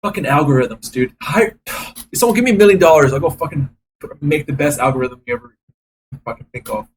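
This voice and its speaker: A man's voice: fairly high pitch, brisk, slight background noise, low-quality recording. A man day trading on a live stream, talking to his chat and cursing at the market in frustration. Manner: frustrated, swearing, talks to chat.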